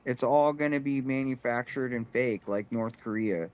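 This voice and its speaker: A man co-hosting a podcast, talking in a rambling, halting way with lots of "like" and "you know.". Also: mid-range voice, a little mellow. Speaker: podcast co-host. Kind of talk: casual political chat. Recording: slightly muffled lo-fi recording.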